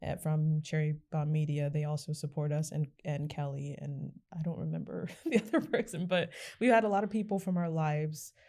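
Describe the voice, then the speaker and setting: Chatty young woman with a low voice. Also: steady tone, moderate pace, few pauses, warm tone. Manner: joking, chatty, choked up. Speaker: podcast co-host. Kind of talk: casual chat. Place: indoor podcast recording.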